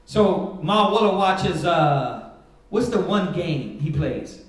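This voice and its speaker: A man's voice: fairly high pitch, lively intonation, takes it slowly. A man teaching a live Sabbath Bible class, preaching emphatically and asking rhetorical questions. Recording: echoey room, far from mic.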